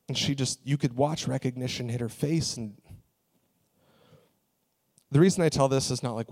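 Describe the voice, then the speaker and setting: A man's voice: medium pitch, animated, normal speed. Man telling a story in a sermon. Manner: conversational storytelling with fillers. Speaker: pastor.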